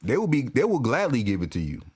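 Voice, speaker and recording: Animated ranting man. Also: mid-range voice, fast talker, slightly rough. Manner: animated, profane, repetitive restarts. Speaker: sports fan commentator. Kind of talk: ranting vlog.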